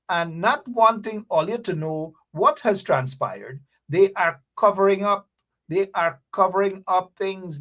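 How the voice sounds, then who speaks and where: A man hosting an opinionated live commentary show, emphatic and repeating his points. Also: fairly bright tone. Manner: emphatic, repeats phrases, mock-sings, drops into low mutters. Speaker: talk show host.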